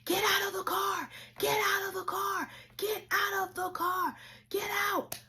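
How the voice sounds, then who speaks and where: A woman voicing a frantic police officer who yells urgent orders. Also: very high voice, little pitch movement, a little slow, pitched above the performer's own voice, exaggerated voice. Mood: urgent shouting. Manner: shouting urgently.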